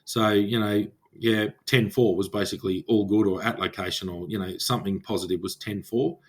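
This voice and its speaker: A man's voice: on the low side, steady tone, a little fast. A man with an Australian accent, a former police officer co-hosting a podcast and telling stories in casual chat, acting out old radio calls as he goes.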